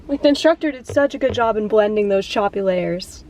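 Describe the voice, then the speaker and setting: A woman's voice: medium pitch, lively intonation, brisk, few pauses, a little mellow, a little hiss or hum, poor audio. A young woman vlogging to camera, rambling with lots of "like" and close to tears. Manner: rambling, emotional, frequent "like" fillers. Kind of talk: casual vlog talk to camera.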